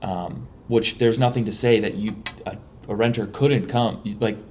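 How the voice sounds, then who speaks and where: Host, male, low-pitched, emphatic and talky, faint noise behind. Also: steady tone, unhurried, darkish tone. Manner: emphatic, many restarts. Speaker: podcast host, mold remediator. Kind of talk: casual podcast conversation.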